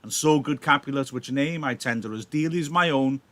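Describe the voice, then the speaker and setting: Man reading young Romeo, calm, placating, soft refusal, near-natural voice. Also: mid-range voice, brisk, natural voice. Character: gentle young male Romeo refusing a fight.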